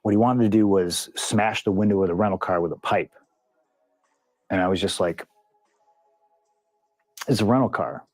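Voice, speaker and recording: Heated, profane low-voiced man. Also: fairly even intonation, normal speed, a little mellow, dry recording, faint music behind. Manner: profane, heated retelling with lots of quoted dialogue. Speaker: interview guest, pro wrestler. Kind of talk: candid storytelling in a long-form interview.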